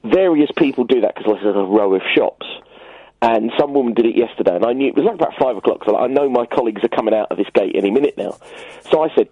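Husky man telling a rambling story. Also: mid-range voice, animated, quick pace, no room sound, phone-quality sound. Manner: rambling anecdote-telling with hesitations. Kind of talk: casual radio chat.

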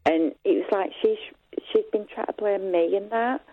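A middle-aged woman calling a phone-in, talking hesitantly with many pauses, sounding distressed. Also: medium pitch, breathy edge, no echo. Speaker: caller. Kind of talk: phone-in call. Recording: tinny phone line.

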